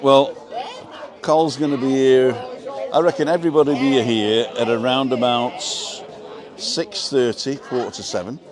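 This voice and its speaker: A man's voice: mid-range voice, fairly even intonation, normal speed. An older man hosting a casual live stream from an outdoor bar terrace, rambling and joking as he reads viewer comments. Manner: chatty, rambling, jokey. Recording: outdoor crowd noise behind. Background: crowd chatter.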